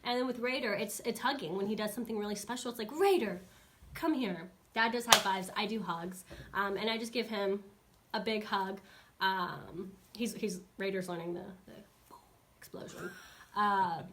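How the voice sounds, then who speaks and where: A woman in her thirties talks as a dog trainer on a casual live stream. She is chatty and animated, and her voice sits at an ordinary middle pitch. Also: normal speed, a little hiss or hum. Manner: chatty, animated, acts out dogs and kids in high squeaky voices.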